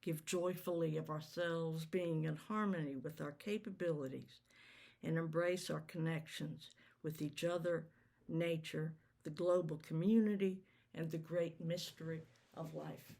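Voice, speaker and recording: A worship service leader reciting a congregational covenant in a measured, formal reading, then introducing the next speaker. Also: medium pitch, fairly even intonation, vocal fry, a little mellow.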